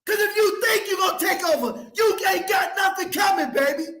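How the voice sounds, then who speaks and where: A man's voice: very high-pitched, normal speed, pushed and bright, roomy sound, shouting. A male financial coach hosting his show, delivering a fiery, profane motivational rant with a preacher-like cadence. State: fired up.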